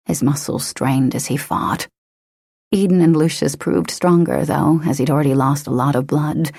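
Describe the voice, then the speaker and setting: A woman narrating an action-romance audiobook in a steady, dramatic manner. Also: low-pitched, normal speed, vocal fry, slightly rough, no echo, clean studio sound. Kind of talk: scripted narration.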